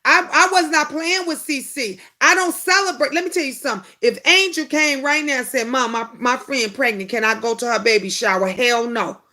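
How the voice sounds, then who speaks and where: A middle-aged woman hosting a casual live chat, answering viewer comments and telling animated family stories. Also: high voice, normal speed, few pauses. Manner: animated storytelling, acting out family quotes. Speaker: host of a live chat show.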